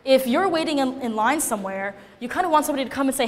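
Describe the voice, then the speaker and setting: Animated woman lecturing in a reverberant hall. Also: high-pitched, rapid-fire. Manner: animated, often checks in with "right?". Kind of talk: casual classroom lecture.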